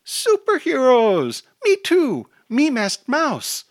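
A tiny toddler girl superhero chirps in squeaky broken baby talk, her voice pitched very high as a man puts her on. Short bursts come out loud and bright, with a dry, close sound. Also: wildly swooping pitch, takes it slowly, no room sound, full character voice. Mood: excited.

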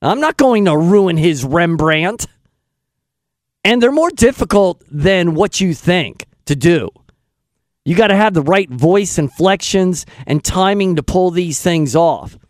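A man hosting a radio show, talking in an excitable, self-deprecating way. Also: high-pitched, takes it slowly, dry recording, clean studio sound. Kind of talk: casual radio chat.

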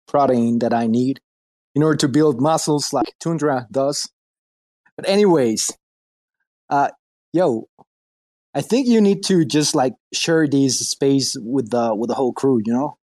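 A man's voice: mid-range voice, darkish tone, dry recording. A man bantering loosely on an online audio chat, tossing out profanity and jokes. His voice sits close and dry with almost no room around it. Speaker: co-host of crypto audio space. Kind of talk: casual banter. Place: home dining room.

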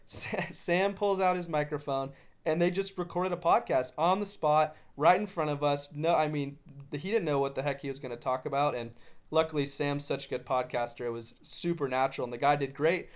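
Enthusiastic male podcast host. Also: fairly high pitch. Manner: animated, quotes others in his own voice; frequent restarts and fillers, enthusiastic. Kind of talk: casual storytelling monologue.

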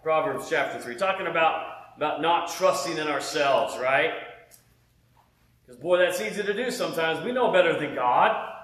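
A man giving a casual, animated sermon testimony from home, often saying "man" and "right?". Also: fairly high pitch, moderate pace, roomy sound. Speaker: preacher.

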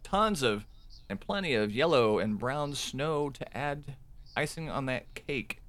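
A middle-aged man co-hosting a podcast, wry and self-deprecating, talking haltingly with many fillers. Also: mid-range voice, lively intonation, a bit bright. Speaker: podcast co-host. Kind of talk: casual chat. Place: Chicago.

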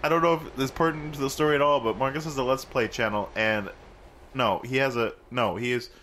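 A man's voice: medium pitch, steady tone, a little fast, a bit bright. A young man from Puerto Rico, co-hosting a podcast in playful, joking banter with a friend. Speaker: podcast co-host. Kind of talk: casual chat.

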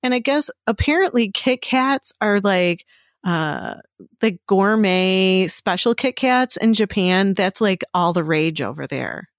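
A woman's voice: mid-range voice, unhurried, no room sound. Chatty woman swearing freely, dry studio sound. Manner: animated storytelling, swears freely. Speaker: podcast co-host. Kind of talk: casual chat. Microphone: studio microphone.

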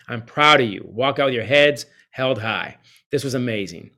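A man tells coaching stories as an interview guest. He talks in an animated way, quoting others and swinging between loud and soft lines. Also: mid-range voice, moderate pace. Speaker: author and former hockey coach, guest. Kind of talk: storytelling interview answer.

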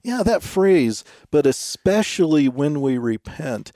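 A man's voice: a little high, sing-song, slow, mellow, dry recording, studio quality. A man co-hosting a scripted discussion, skeptical and emphatic as he reads out quotes and questions them. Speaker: co-host.

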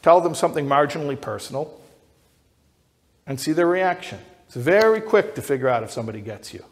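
A man who is an educator, giving a lecture that builds to emphatic high peaks, often repeating and restarting words as he thinks aloud. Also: animated, a little fast. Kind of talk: lecture to an audience. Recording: long hall reverb.

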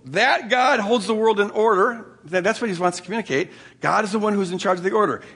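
Husky older man preaching with folksy humor. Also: high voice, quick pace, a bit bright. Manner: folksy storytelling with chuckles and restarts. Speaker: pastor. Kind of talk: sermon.

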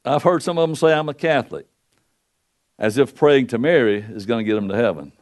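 An older pastor preaching a folksy sermon into a pulpit microphone, swinging between loud and soft. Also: male voice, animated, fast. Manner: folksy preaching with wide swings in pitch and loudness.

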